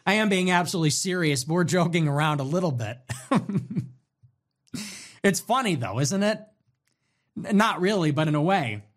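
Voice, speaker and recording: A man hosting a livestream, ranting in a sarcastic, mocking, taunting way. He jumps between loud, high outbursts and low grumbles. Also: animated, moderate pace, pauses often. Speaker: livestream host.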